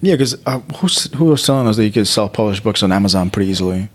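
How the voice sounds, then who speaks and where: Quick-talking young podcast host guy, lowish voice, chill and slangy. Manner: relaxed, conversational, casual slang. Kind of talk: casual interview chat.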